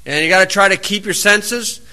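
Bright-voiced folksy man preaching. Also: high voice. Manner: reads scripture slowly, then drifts into plain-spoken anecdotes. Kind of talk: folksy sermon.

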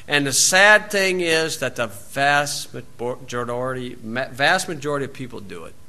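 A man preaching a sermon in a folksy storytelling way, acting out the people in his stories and shouting out scripture. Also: on the high side. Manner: folksy storytelling, acts out voices, loud shouted quotes.

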